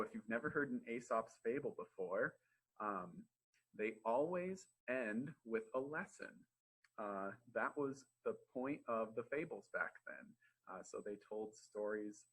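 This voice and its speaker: A young man reading stories aloud for preschoolers, animated and encouraging. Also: medium pitch, slightly rough, poor audio. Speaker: library storytime reader.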